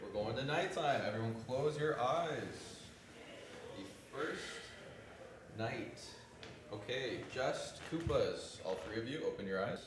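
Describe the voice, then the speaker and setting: A man moderating a live social deduction game, calling out the phases with steady, instructive calls. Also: mid-range voice, takes it slowly. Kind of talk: running a live party game. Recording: roomy, distant, noisy.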